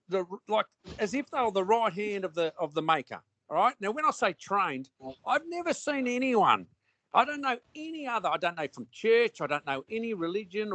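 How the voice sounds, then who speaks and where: A man's voice: sits high, a bit bright, a little hiss or hum. A man with an Australian accent in casual conversation, talking bluntly and rambling with lots of restarts and slang.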